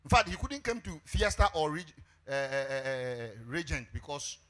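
A middle-aged Ghanaian pastor preaching a sermon, telling a story with animated delivery and shouted emphasis. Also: male voice, on the high side, moderate pace.

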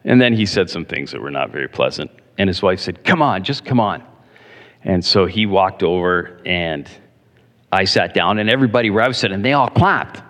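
A male pastor preaching a sermon to his congregation, telling stories in an animated, direct way. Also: deep voice, fairly quick. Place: church. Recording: long reverb in a large hall.

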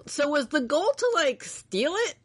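A man's voice: very high voice, very animated, a little slow, fairly bright tone. A man co-hosting a casual anime recap podcast, rambling, swearing freely, laughing often and acting out characters' lines. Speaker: podcast co-host.

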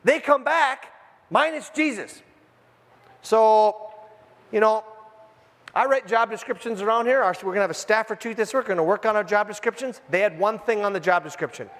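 A man with a notably high voice preaching a casual, animated sermon to his congregation. He talks informally and tosses in jokey asides. A long reverb from the church hall trails each phrase. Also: normal speed. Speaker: pastor. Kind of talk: conversational sermon. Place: church sanctuary.

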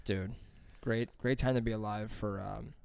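A man's voice: fairly low pitch, fairly even intonation, moderate pace, creaky, a little mellow, clear, resonant tone, no room sound. A young man in casual chat, telling rambling, crude stories and laughing often as he talks.

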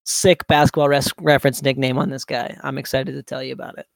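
A man's voice: mid-range voice, little pitch movement, quick pace, gravelly, no echo. Man, podcast co-host, casual hesitant talk, lots of fillers, dry close sound. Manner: hesitant, many likes and you-knows. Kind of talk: casual fantasy basketball chat.

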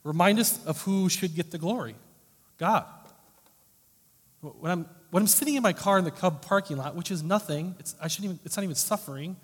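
A man preaching a sermon as pastor, earnest and emphatic, often rising and falling sharply in loudness. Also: sits high, a little fast, breathy edge. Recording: long hall reverb.

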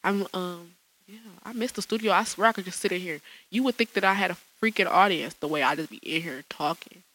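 On her solo podcast, recorded in a small studio, a woman speaks a little fast with a fairly low pitch and a fairly bright tone. Her talk is loose and full of slang and frequent laughter, and the audio is rough.

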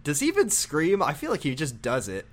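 A man in casual chat, playfully retelling a video game story and putting on quick character voices. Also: on the high side, wildly swooping pitch. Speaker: co-host recapping a video game.

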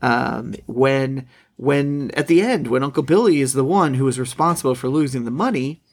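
A man co-hosting a casual film discussion, halting and restarting as he searches for his words. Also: medium pitch. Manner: halting, repeats words while searching for thoughts. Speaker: podcast co-host.

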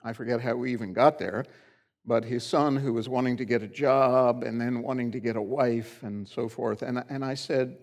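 A man's voice: mid-range voice, moderate pace, darkish tone. A middle-aged man preaching a sermon in a church, in a conversational, folksy storytelling way. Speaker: pastor. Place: church sanctuary.

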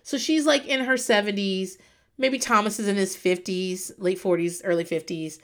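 A woman recapping in casual chat, animated, laughing often and swearing freely. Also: mid-range voice, moderate pace. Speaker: podcast host recapping reality TV.

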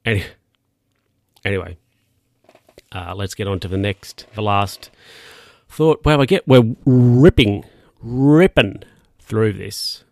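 A man's voice: on the low side, expressive, a little slow, long pauses, a little mellow, dry recording. A man hosting a casual solo podcast, rambling and correcting himself as he talks. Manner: rambling, self-correcting, chatty asides. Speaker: podcast host. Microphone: podcast mic.

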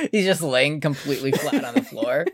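A man's voice: a little high, sing-song, unhurried, husky, dry recording, studio quality. A man co-hosting a casual podcast, animatedly retelling scenes and acting out characters' lines. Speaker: podcast co-host. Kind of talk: casual recap chat.

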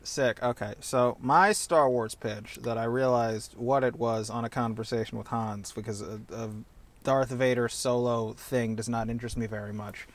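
A man co-hosting a podcast in casual chat, animated and profane, slipping into goofy character bits. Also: medium pitch, normal speed. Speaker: podcast co-host.

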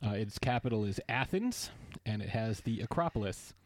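A man's voice: on the low side, expressive, moderate pace, a little hiss or hum. A man hosting a podcast in casual chat, joking and going off on playful tangents. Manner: playful, riffing, jokey tangents. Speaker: podcast host.

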